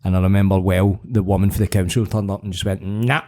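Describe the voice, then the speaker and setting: A man's voice: low-pitched, steady tone, quick pace, mellow. A Scottish man in casual podcast chat, laid-back and sweary, telling short anecdotes.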